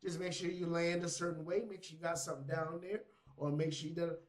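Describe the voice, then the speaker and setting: A man's voice: fairly high pitch, level tone, fast, echoey room, natural voice. A man voicing an overly agreeable AI chatbot in a sing-song, eagerly affirming tone.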